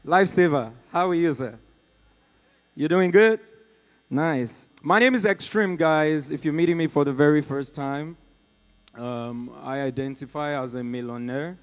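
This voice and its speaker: A man from Nigeria with a Nigerian English accent doing live stand-up, chatting and teasing the audience, swinging from loud calls to low asides. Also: lively intonation, unhurried, long pauses. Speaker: stand-up comedian. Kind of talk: live stand-up with crowd work. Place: comedy club stage.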